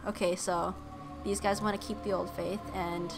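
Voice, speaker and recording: A woman streamer giving excited, gushing let's-play commentary with cutesy baby talk, game music faint behind her. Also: medium pitch, moderate pace.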